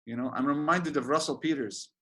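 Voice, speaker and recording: A sheikh giving an informal religious lecture, chatty and joking, with many fillers and restarts. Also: male voice, on the high side, a little fast, sharp tone. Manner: laughs at his own jokes.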